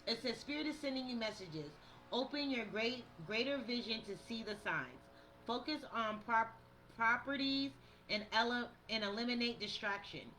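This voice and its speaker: Bright-voiced woman doing a tarot reading. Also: a little high, animated, moderate pace, poor audio. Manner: chatty, addresses viewers as y'all, reads card texts aloud. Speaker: tarot reader and spiritual coach. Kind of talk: casual tarot reading to camera. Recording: faint outdoor yard noise behind.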